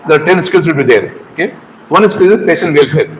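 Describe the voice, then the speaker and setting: A middle-aged man leads an informal lecture on medical exams, in a voice pitched a little high for a man. He talks in short halting phrases, repeats himself and keeps asking the students questions. A faint noise sits under the recording. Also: lively intonation, low-quality recording. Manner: halting, repeats words, asks the audience questions. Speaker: medical exam trainer.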